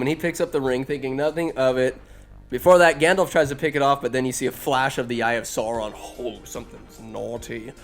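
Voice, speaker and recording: A man's voice: fairly high pitch, smooth. A man hosting a podcast, giving a crude, rambling and irreverent comedic movie recap. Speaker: podcast host.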